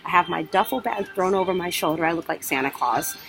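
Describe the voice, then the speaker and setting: A woman's voice: lowish voice, brisk, creaky, poor audio. A young woman vlogger telling a travel story in a casual way, acting out her own panic. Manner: animated, acts out her own panic in quotes.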